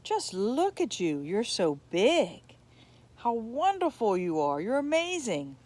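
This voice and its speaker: A woman's voice: a little high, very animated, slow, a little mellow, exaggerated voice. A woman voicing an overjoyed woman freed from a curse, breathless and astonished in a storybook reading. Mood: amazed.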